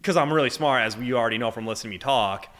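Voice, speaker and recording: A man's voice: mid-range voice, racing. A man in his twenties from Massachusetts, a podcast guest telling stories casually, full of "like" fillers and acted-out quotes. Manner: animated, heavy "like" fillers, acts out voices in his stories. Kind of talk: casual storytelling.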